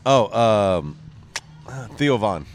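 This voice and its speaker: A man co-hosting a casual podcast, giving relaxed, offhand opinions. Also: on the low side, drawn-out words, soft background music. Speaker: podcast co-host.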